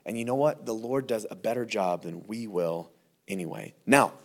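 Animated man preaching casually. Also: mid-range voice, normal speed, creaky. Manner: conversational, animated preaching with mock quotes and asides. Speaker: pastor. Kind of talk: verse-by-verse sermon.

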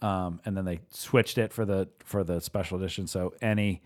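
A man with a somewhat low voice chats casually on a podcast. He tells long, enthusiastic stories, looping back with fillers and restarts as he goes. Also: fairly even intonation, moderate pace, a little mellow. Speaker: podcast co-host. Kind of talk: casual chat about films.

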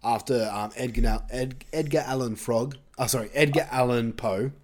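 A man on a casual podcast, retelling a movie in a rambling, profane way with quick character voices. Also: mid-range voice, a little mellow. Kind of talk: casual chat.

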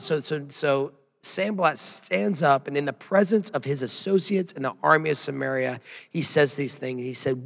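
Emphatic preaching man, gravelly, in a hall. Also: fairly high pitch. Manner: emphatic preaching with rhetorical questions. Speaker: pastor. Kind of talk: sermon.

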